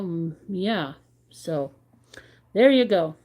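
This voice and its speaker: Slow-talking woman chatting on a livestream. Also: fairly low pitch, animated. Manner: rambling, candid and reflective; reads out viewer chat comments. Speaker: crochet livestream host. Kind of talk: casual chat with viewers.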